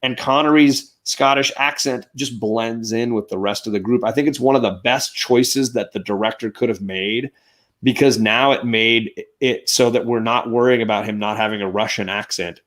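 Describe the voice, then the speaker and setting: A man's voice: mid-range voice, moderate pace, fairly bright tone. A man hosting a casual movie review discussion, talking with enthusiasm and restarting his sentences now and then. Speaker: show host.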